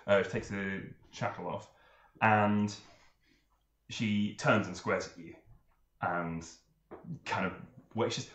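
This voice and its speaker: A man narrating as game master of a tabletop role-playing game, laughing often and filling pauses as he goes. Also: lowish voice, fairly even intonation, fairly bright tone, muffled recording. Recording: roomy, with faint hiss.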